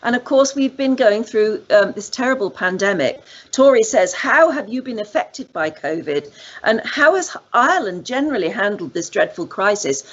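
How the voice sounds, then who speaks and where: Female interview host, expressive delivery, reads viewer questions. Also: on the high side, breathy edge. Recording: dull lo-fi audio.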